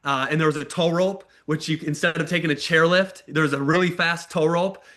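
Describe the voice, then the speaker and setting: A man's voice: a little high, fairly even intonation, a little fast, sharp tone. An American man in his thirties telling his life story on a video call, in a casual, candid way, sometimes acting out the people he quotes. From United States. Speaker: motivational speaker. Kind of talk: personal story told to an online call.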